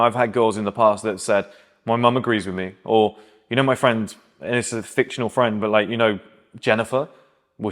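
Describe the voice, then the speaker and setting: A man, giving blunt, emphatic dating advice in a casual, conversational monologue. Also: lowish voice. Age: 30s.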